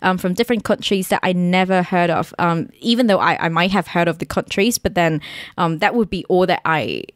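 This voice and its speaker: Woman with a softened East Midlands accent. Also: on the low side, fairly quick, dry recording, studio quality. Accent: East Midlands English, softened. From England. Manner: hesitant, many ums and restarts. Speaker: podcast guest, journalist. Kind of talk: casual interview chat.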